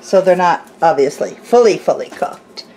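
A woman's voice: lowish voice, lively intonation, normal speed, mellow, a little hiss or hum. A woman co-hosting a casual home cooking demo, teasing and chiming in with corrections. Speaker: homestead channel co-host. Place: home kitchen.

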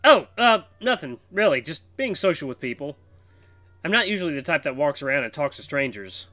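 A man's voice: fairly high pitch, sing-song, fairly quick, bright, forceful tone, no room sound, soft background music. A man voicing a nervous young male lion hero in a visual novel game, answering in flustered bursts.

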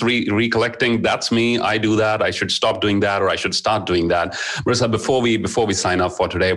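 A man's voice: fairly low pitch, a bit bright. A man hosting an interview, asking questions with hesitant fillers and giving short affirmations. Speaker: interview host.

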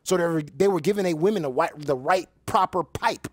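A man's voice: fairly high pitch, fairly quick, no room sound, studio quality. A man streaming gameplay, trash-talking crudely and boastfully, repeating his taunts. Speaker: gaming streamer. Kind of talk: profane trash talk over gameplay.

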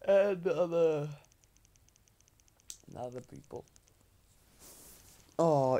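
A man giving casual commentary while playing a game, rambling and muttering to himself, sometimes quiet and sometimes loud. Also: on the high side, slow pace, pauses often. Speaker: gamer with own channel. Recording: loud background noise.

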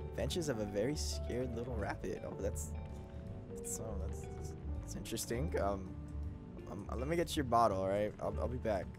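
A man's voice: lowish voice, lively intonation, moderate pace. A man giving casual horror game commentary, jumpy, swearing and joking at the game. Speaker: gaming video creator. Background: game music.

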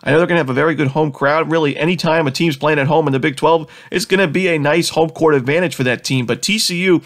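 A man with a head cold talks through his sports picks at a rapid clip, his voice nasal and pitched a little high. He sounds confident, piles up stats and leans on "you know" fillers. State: has a cold. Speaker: sports betting analyst host. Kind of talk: fast sports betting picks rundown.

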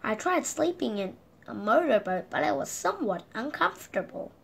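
A woman's voice: a little high, big pitch swings, normal speed, gravelly, slightly rough, heavily acted. A woman doing a muddled, matter-of-fact storybook man. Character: muddled male nonsense-talking storybook man. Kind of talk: storybook reading.

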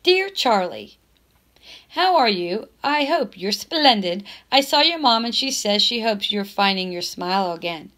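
A woman's voice: medium pitch, big pitch swings, a little slow, fairly bright tone. Earnest young girl penning a friendly letter to her best pal, read by a woman, chatty and loyal. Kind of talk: reading a letter aloud from a novel.

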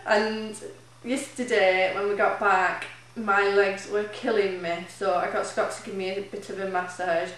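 A woman's voice: mid-range voice, level tone, unhurried, fairly bright tone. A woman recording a casual video diary, chatty and emotional, rambling with fillers as she talks. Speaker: charity runner keeping a video diary. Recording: very echoey room, mic at a distance.

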